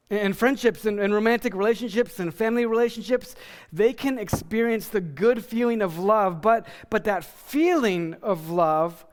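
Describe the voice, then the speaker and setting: High-voiced pastor preaching in a hall. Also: male voice, clean tone. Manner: emphatic, with frequent restarts. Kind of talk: sermon. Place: church sanctuary. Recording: church hall reverb.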